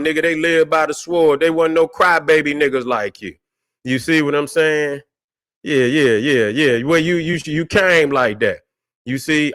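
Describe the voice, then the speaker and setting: A man with a fairly high, slightly bright voice hosts a livestream, recorded dry with clean studio sound. He rants combatively and profanely while answering chat, constantly repeating "you see what I'm saying" to check that listeners follow.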